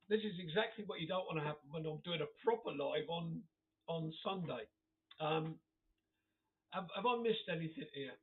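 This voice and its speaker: A man chatting casually to viewers on a live stream, laughing often as he reads out comments. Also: on the high side. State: occasional cough. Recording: tinny phone-like audio.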